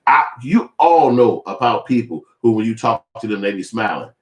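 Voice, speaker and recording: A man's voice: medium pitch, a little fast. A man giving casual, profane, rambling commentary as a vlogger. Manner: profane, rambling, acts out other people's voices. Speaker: vlogger commenting on celebrity feud. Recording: roomy echo.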